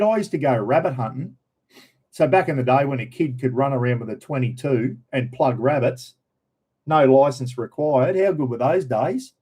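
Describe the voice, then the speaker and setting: A man's voice: medium pitch, darkish tone. Rambling Australian man chatting to viewers. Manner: rambling, slangy, keeps addressing viewers as everyone. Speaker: livestream host. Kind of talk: casual livestream chat.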